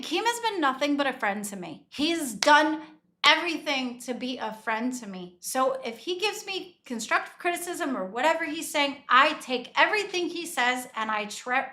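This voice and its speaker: A woman's voice: high-pitched, pushed and bright. A woman co-hosting a podcast, chatting casually about clips, giggly and blunt with plenty of swearing. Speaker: podcast co-host. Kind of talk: casual chat reacting to clips.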